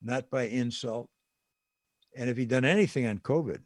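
A man's voice: mid-range voice, moderate pace, no echo, clean studio sound. An older man giving casual political commentary, talking conversationally and repeating phrases for emphasis.

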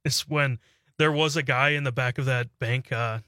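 A man's voice: medium pitch, steady tone, moderate pace, bright, forceful tone, no room sound, clean studio sound. A man co-hosting a talk radio show, chatting in an easygoing way and chuckling along. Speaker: radio co-host. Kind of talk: casual talk radio banter. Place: radio studio.

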